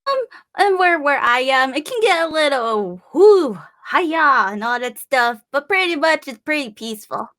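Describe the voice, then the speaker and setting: Young woman from Illinois, interview guest; bubbly and giggly, a fairly high voice, breaks into playful voices mid-story. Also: animated, normal speed, fairly bright tone. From Illinois, USA. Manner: bubbly and giggly, acts out voices in her stories. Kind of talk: casual chat.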